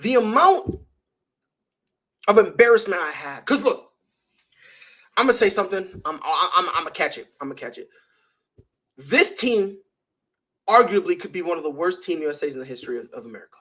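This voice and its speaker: Young man, sports talk host, lively high voice, slangy and emphatic monologue. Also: normal speed, pauses often. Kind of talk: animated sports opinion monologue.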